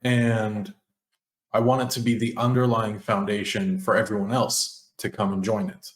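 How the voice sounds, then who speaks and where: A man's voice: lowish voice, flat delivery, normal speed. A man co-hosting a casual podcast chat, talking through his ideas with enthusiasm and lots of fillers. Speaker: podcast co-host. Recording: roomy echo.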